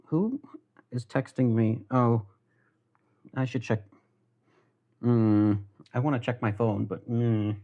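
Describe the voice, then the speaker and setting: A man's voice: mid-range voice, slow, pauses often, warm tone, lo-fi sound. A young American man with an American accent, chatting loosely and swearing as he cooks in his home kitchen on a live stream. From United States. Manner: rambling, self-deprecating, swears casually. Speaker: livestreamer. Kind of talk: casual live-stream chat while cooking. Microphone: headphones with mic.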